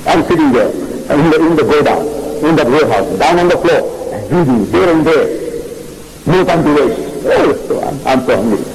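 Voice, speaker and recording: Animated man telling a story sermon. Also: a little high, normal speed, creaky, background noise. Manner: animated storyteller acting out dialogue. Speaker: Muslim preacher.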